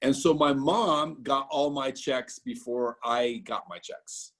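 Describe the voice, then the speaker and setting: A man from Idaho, a business owner giving an animated motivational training talk on a video call, telling stories straight to his team. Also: mid-range voice, slow pace. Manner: storytelling, animated, talks straight to the audience.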